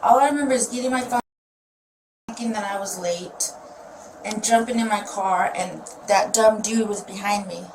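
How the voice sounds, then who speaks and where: Upset gravelly-voiced woman in a noisy police interview. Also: medium pitch, normal speed. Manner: rambling, upset, trailing off. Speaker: mother questioned by police. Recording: distant mic with loud noise.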